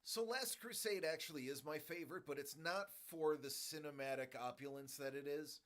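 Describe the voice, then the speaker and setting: A man in his forties, a stream host, ranting in a rambling, animated way about a movie in casual chat. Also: a little high, moderate pace.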